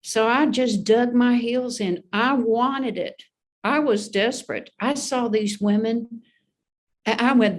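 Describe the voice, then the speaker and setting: Slow, earnest woman telling her story. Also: on the high side. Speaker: guest sharing recovery story. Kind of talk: personal testimony in a podcast interview.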